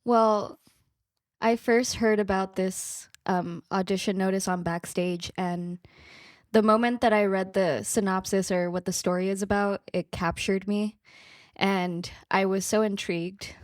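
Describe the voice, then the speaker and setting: A woman's voice: mid-range voice, fairly even intonation, measured pace, no room sound, clean studio sound. Earnest woman actress on a podcast. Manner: earnest, effusive, grateful. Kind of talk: casual podcast conversation.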